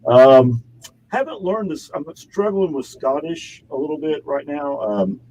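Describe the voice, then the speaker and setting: A man's voice: fairly high pitch, lively intonation, measured pace, darkish tone, low-quality recording. Chatty man telling rambling stories. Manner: rambling, chatty storytelling with frequent laughs. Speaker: actor and model, guest. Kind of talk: casual interview chat. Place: home studio.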